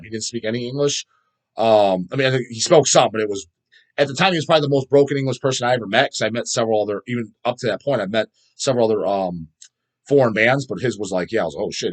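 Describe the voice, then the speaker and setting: Man, casual podcast host, rapid talk, profane, rambling, trails off hunting for names. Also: medium pitch. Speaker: podcast host reading viewer comments. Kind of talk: casual chat.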